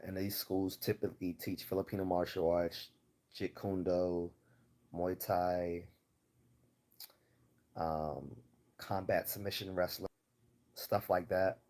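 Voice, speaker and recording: A man's voice: low-pitched, fairly even intonation, unhurried, long pauses, mellow. A man with a Baltimore accent hosting a livestream Q&A, answering viewer questions in a rambling, casual way with many fillers and restarts. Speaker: livestream host.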